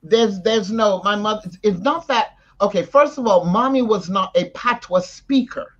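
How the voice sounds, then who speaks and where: Lively Jamaican woman, lo-fi sound. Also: mid-range voice, normal speed. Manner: animated, switching into patois. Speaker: interview guest. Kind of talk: casual conversation. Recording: dull lo-fi audio.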